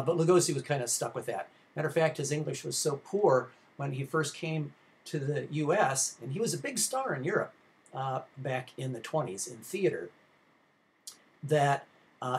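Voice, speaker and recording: A man giving a film history class lecture, talking loosely with many fillers and restarts. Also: medium pitch.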